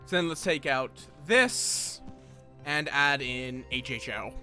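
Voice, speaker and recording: A man's voice: medium pitch, slow, sharp tone, soft background music. A tired man streaming a game, muttering to himself and thinking aloud as he plays. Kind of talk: casual gameplay commentary.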